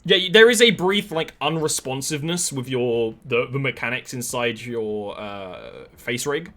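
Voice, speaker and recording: A man's voice: medium pitch, lively intonation, measured pace, sharp tone. A man running a tabletop game as game master, describing scenes in a rambling way with many fillers.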